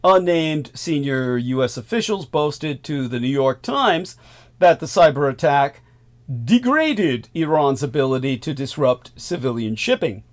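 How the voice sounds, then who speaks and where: A man's voice: a little high, expressive, unhurried. Sardonic man holding a long monologue. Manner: emphatic, sardonic asides with chuckles. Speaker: host. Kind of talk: monologue on current affairs.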